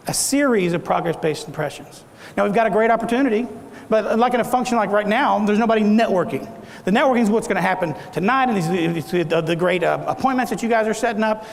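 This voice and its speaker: A man's voice: sits high, gravelly. A middle-aged man giving a motivational talk at a conference, quizzing the audience and acting out different tones of voice. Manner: animated, audience questions, acts out tones. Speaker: keynote speaker. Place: large conference hall. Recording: echoey hall.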